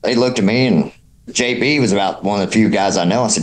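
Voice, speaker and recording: A man with a low voice speaks easily and dryly, letting his sentences trail off. He sounds relaxed, like he is swapping stories with friends. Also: fast. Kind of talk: casual podcast chat.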